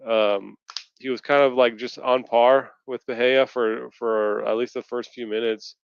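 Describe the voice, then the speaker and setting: A man's voice: mid-range voice, level tone, measured pace, creaky, smooth, dry recording, highs cut off. A man on a casual video-call chat, ranting and swearing in frustration. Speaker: podcast co-host. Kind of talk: casual post-fight chat.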